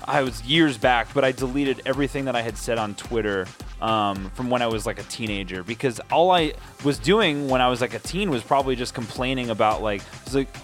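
A man's voice: mid-range voice, a little fast, few pauses, faint music behind. Blunt, wisecracking male co-host. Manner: blunt, reacts with swearing and laughter. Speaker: radio show co-host. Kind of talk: casual radio chat.

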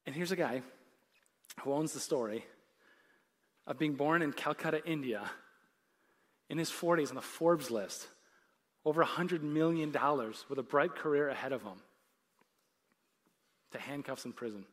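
A man's voice: fairly high pitch, moderate pace, long pauses. A man preaching a conversational sermon as a pastor on a church stage, often laughing and building to emphatic points. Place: church stage with live audience.

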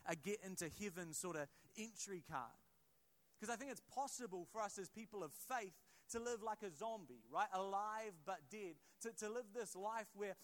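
A high-pitched man preaching in a church, talking with his congregation rather than at it. He stumbles through restarts and tosses in quick asides as he explains a passage. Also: fairly bright tone. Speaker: pastor. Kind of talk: sermon.

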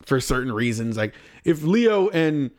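A young man co-hosting a casual podcast chat, animated and swearing freely. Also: medium pitch, measured pace. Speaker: podcast co-host, streamer.

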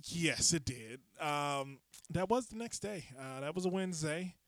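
A man hosting a comedy podcast, his higher voice bright and bouncing around a lot. He is playful and sarcastic, and he keeps jumping into bits. The sound is close and dry. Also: animated, measured pace, no echo. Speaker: podcast host. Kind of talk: casual comedic podcast chat. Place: podcast studio.

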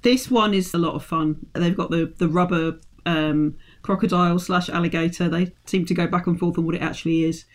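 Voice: medium pitch, fairly even intonation, brisk, few pauses. Giggly podcast co-host recapping a film. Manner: playful, giggly storytelling. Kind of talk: casual film discussion.

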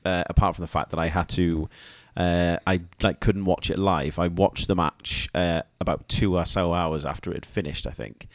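Deep-voiced man telling a story. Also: no room sound. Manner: animated storyteller, laughs while telling. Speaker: podcast co-host. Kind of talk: casual podcast chat.

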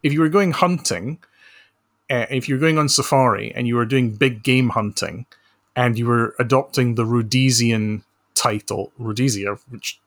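A man joins the podcast over a remote call as a guest, and his voice sits at an average pitch for a man. He delivers his jokes deadpan and mock-serious, and his delivery stays dry throughout. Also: normal speed. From Scotland. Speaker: podcast guest, author and social researcher. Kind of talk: casual comedic chat.

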